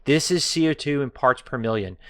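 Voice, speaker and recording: A man's voice: mid-range voice, expressive, brisk, no room sound, studio quality. A man hosting a political commentary monologue, sarcastic and mocking, taunting his viewers and now and then dropping to a whisper for effect. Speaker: commentary show host.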